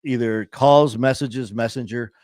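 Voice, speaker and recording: A man's voice: mid-range voice, steady tone, a little slow, a little mellow, no room sound, studio quality. A man hosting a casual podcast, rambling and upbeat, often interrupting himself. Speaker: podcast host. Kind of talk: casual chat.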